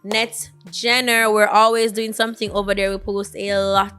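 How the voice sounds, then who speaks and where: A woman's voice: mid-range voice, little pitch movement, moderate pace, a bit bright, clean tone, faint music behind. A young Jamaican woman co-hosting a podcast, chatting casually and making playful quips in patois. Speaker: podcast co-host. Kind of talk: casual chat.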